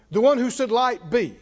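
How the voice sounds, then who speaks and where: High-voiced male preacher in a reverberant hall. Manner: repeats phrases for emphasis, calls for congregation responses. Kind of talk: sermon. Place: church hall with congregation. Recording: reverberant hall, dull lo-fi sound.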